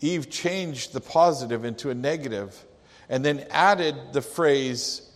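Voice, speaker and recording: A man's voice: medium pitch, measured pace. A male pastor preaching a sermon with emphatic delivery, quoting scripture. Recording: long hall reverb.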